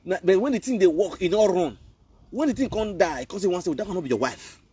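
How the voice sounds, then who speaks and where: A man's voice: high voice, lively intonation, fast, warm tone, slightly rough, far from the mic. A man from Benin, Nigeria, speaking Nigerian Pidgin English, who rants and scolds in a preachy live video commentary. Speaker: online commentator.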